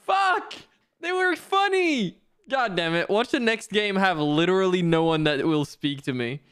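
A young woman streaming a game, loudly scolding herself and laughing at her own mistake. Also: on the low side, lively intonation, moderate pace, clear, resonant tone. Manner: exasperated self-scolding, shouting and laughing at herself. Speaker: VTuber streamer.

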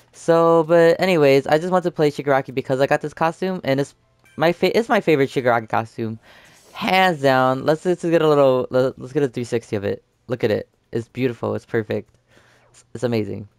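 A man's voice: mid-range voice, darkish tone, clean tone, no room sound. A young man giving casual, rambling commentary over his gameplay, full of fillers and restarts, talking close to the mic. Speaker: gaming YouTuber.

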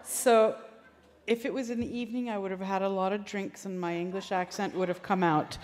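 A woman reading a letter aloud to a convention, gentle and lightly amused. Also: medium pitch, steady tone, a little fast. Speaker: provincial president reading her mother's letter. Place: large convention hall. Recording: long hall reverb.

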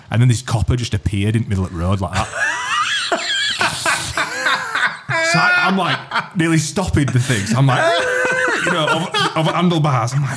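A man, hosting a podcast and telling a story in a lively, sweary way. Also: mid-range voice, moderate pace, background noise. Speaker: podcast host. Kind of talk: casual chat.

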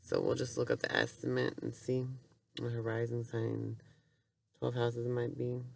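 A woman's voice: a bass voice, monotone, measured pace, gravelly, dry recording. A woman vlogging casually about her new dog, rambling and unsure as she talks. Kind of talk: casual home vlog.

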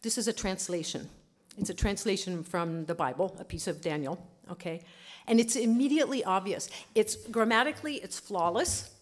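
Give me a woman linguist giving a lively talk, mid-pitched and chatty. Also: normal speed. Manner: chatty, laughing often, peppers with "okay". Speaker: linguist giving a conference lecture. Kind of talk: lively lecture to an audience.

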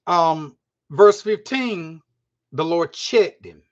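A man's voice: a little high, animated, takes it slowly, dull audio. A man teaching a Bible study, talking in a conversational way, repeating phrases and often checking that his listeners are following.

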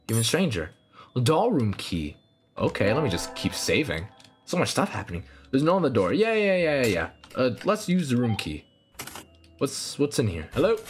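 A young man commentating a horror game, excitable and swearing, laughing often, yelping when startled, and chatting to the characters on screen. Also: mid-range voice. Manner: excitable, swears, jumps to loud startled yelps. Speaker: gaming channel host. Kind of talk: let's play commentary.

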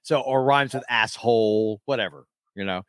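Joining a podcast over a remote call, a guest from Central Florida chats casually, rambling and stammering with self-deprecating jokes. His medium-pitched voice is smooth at normal speed, with no echo.

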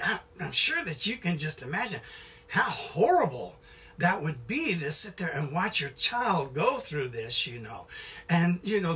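Middle-aged male preacher, folksy, rambling delivery, bright tone, set back from the mic. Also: on the high side, far from the mic. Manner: folksy, repeats "you know", restarts often. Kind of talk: informal sermon.

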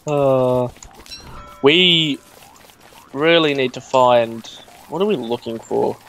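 A young man co-hosting a let's play, chatting in an excitable way and laughing often, over a headset or desk mic. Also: medium pitch, slight background noise. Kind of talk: casual gaming chat.

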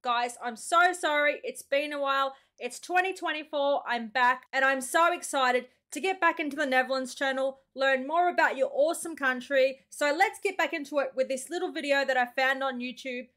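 A woman's voice: high voice, moderate pace, hardly any pauses, fairly bright tone. An Australian woman hosting a reaction video, chatting casually in a bubbly way and laughing often.

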